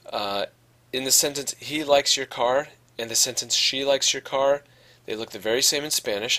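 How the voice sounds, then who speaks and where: A man's voice: lowish voice, sharp tone. A man teaching a Spanish grammar lesson, explaining patiently and often checking in with "okay". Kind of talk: podcast lesson.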